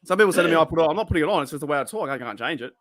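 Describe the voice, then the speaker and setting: Fast-talking broad Australian man. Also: fairly high pitch, lively intonation, a loud crowd. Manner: joking, blunt. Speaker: co-host. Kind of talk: casual live draft chat.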